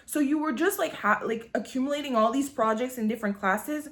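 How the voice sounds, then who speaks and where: A woman's voice: sits high, fast talker, few pauses, fairly bright tone. A woman, telling her own story in a candid, rambling vlog, swearing freely and filling her talk with "like". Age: 20s. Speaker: vlogger. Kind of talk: casual confessional storytelling.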